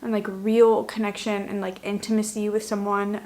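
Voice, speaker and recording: A woman's voice: medium pitch, level tone, normal speed, mellow. A young adult woman vlogger telling a personal story in a candid, profane, emotional way. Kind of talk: storytime vlog.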